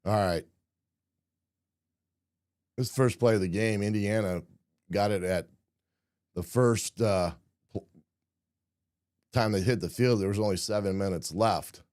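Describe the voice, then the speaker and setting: A hoarse man hosting a casual football film breakdown, often clearing his throat and filling pauses with "uh" and "um". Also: fairly low pitch, a little mellow, dry recording, studio quality. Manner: frequent throat clearing, many fillers. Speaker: football analyst host.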